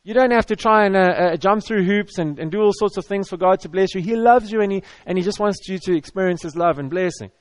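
A man's voice: high voice, quick pace, few pauses, dry recording. A man preaching a sermon to an audience, talking in a conversational, repetitive way with stammered restarts. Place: church hall with audience.

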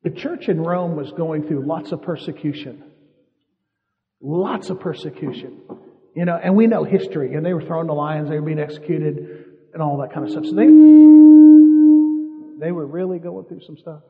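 A man's voice: a little high, normal speed, long pauses. A man preaching a sermon, telling stories and repeating his points for emphasis. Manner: storytelling, emphatic repetition. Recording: muffled hall reverb.

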